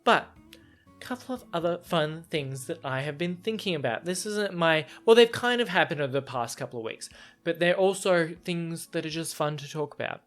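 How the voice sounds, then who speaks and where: A young Australian man in his twenties, hosting his own podcast and telling stories in an animated, self-mocking way. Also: fairly high pitch, moderate pace, faint music behind. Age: 20s. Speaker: podcast host. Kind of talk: casual solo podcast storytelling.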